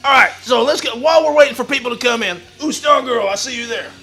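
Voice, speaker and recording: Gravelly, high-pitched brash wrestler man. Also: fast talker, faint music behind. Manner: boastful, profane, gravelly, bursts into shouting. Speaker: livestream host in a wrestler persona. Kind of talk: brash wrestling promo talk.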